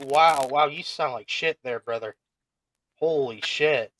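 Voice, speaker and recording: A man's voice: mid-range voice, measured pace, a bit bright. A man hosting a casual wrestling podcast, teasing his co-hosts and moving through the matches. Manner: laughing, teasing, runs the segments. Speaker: podcast host. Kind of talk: casual chat.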